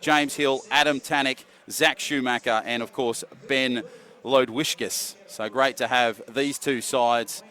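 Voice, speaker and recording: A man calling a wheelchair rugby league match, naming players and building excitement as play unfolds. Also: medium pitch, unhurried. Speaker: play-by-play commentator. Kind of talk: live sports commentary.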